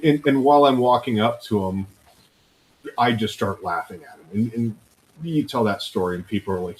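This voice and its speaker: A man's voice: medium pitch, normal speed, a little mellow, a little hiss or hum, poor audio. A man co-hosting a podcast in casual chat, telling stories and acting out the voices of people he quotes. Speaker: podcast co-host.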